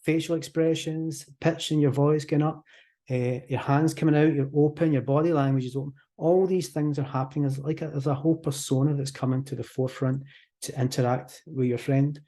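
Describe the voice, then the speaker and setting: A Scottish man speaks as a hypnotherapist guest on a podcast interview. He talks fast and animatedly, and slips into acted-out example voices. His tone is dark and mellow. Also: on the high side, steady tone.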